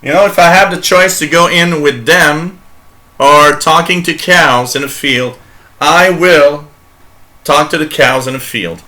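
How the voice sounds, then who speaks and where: A man from Canada hosts a live shortwave radio chat, rambling along at an unhurried pace. His voice is bright and forward, and he jokes and laughs often while reading messages from listeners. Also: a little high. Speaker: radio show host.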